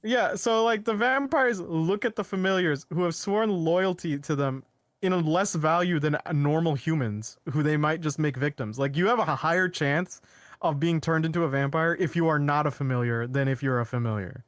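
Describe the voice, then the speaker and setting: A man co-hosting a casual podcast, excitedly retelling a show's plot with frequent laughs and rambling asides. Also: a little high, moderate pace, no room sound. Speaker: podcast co-host. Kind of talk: casual chat.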